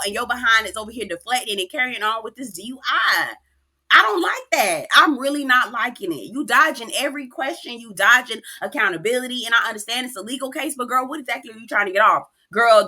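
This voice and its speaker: Sassy, animated woman recapping gossip. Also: medium pitch. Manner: animated and sassy, acts out quotes, laughs often. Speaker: reality TV recap host. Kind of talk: casual recap commentary.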